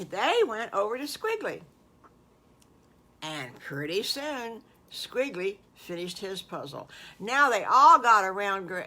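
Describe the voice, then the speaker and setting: Older woman, folksy improvised kids' story, meandering, bright voice. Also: medium pitch. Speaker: storyteller grandmother.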